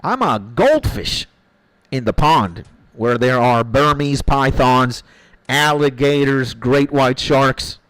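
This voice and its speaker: A man's voice: medium pitch, expressive, slow pace, a bit bright, no echo, low-quality recording. A man streaming a game, chatting loosely with his viewers in a rambling, slangy way. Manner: rambling, slangy, calls chat "bro" and "my G". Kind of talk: casual chat with viewers while gaming.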